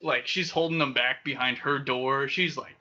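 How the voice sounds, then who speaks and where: A young man hosting a podcast, telling wild stories in a casual, profane, animated way with frequent laughter. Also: medium pitch, moderate pace. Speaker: podcast host. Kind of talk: casual storytelling. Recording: dull lo-fi sound.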